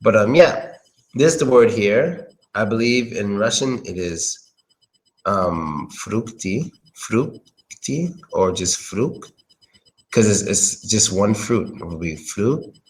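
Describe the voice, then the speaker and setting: Man, low voice, casual pronunciation lesson, rambling, hesitant. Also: slow, low-quality recording. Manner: rambling, thinks aloud, hesitant. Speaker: English pronunciation tutor.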